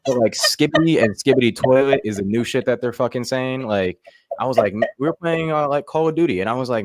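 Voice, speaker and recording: A man's voice: medium pitch, fast talker, darkish tone, dry recording, studio quality. A young man doing a loose stand-up routine with lots of fillers, rambling from one joke to the next. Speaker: comedian contestant.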